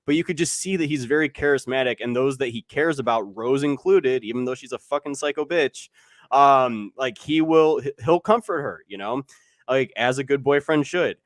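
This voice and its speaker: A young man hosts a podcast in a loose, rambling way, leaning on filler words and casual swearing. His voice is mid-pitched and close to the mic, with a dry sound and no room around it. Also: moderate pace, no room sound. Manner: rambling, heavy "like" filler, profane. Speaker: podcast host. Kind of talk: casual movie discussion.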